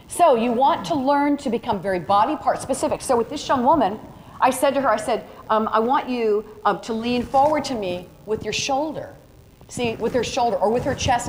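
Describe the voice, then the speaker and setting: A woman teaching a photography workshop to a live audience, chatty and direct, walking students through demonstrations. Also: fairly high pitch. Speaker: photography instructor. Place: large room with a live audience. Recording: reverberant hall, faint ambient noise.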